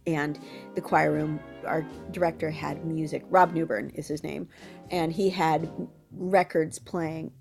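A woman musician being interviewed, telling lively anecdotes and acting out quotes. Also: low-pitched, a little slow, vocal fry, music in the background. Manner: animated storyteller who acts out quotes. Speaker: guest musician.

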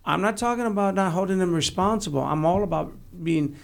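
Man guest, gravelly and a touch high, blunt and joking. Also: fairly quick. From San Antonio, Texas. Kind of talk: casual interview chat.

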